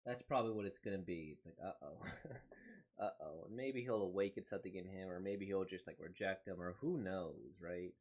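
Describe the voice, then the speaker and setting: A man's voice: deep voice, brisk, a little mellow, muffled recording. A man hosting a manga reaction, rambling and thinking aloud in casual commentary.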